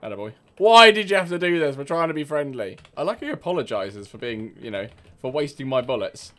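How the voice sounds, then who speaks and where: A man's voice: medium pitch, sing-song, fairly quick, pushed and bright. A young man giving cheeky, swear-filled gameplay commentary and mocking other players. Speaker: gaming streamer.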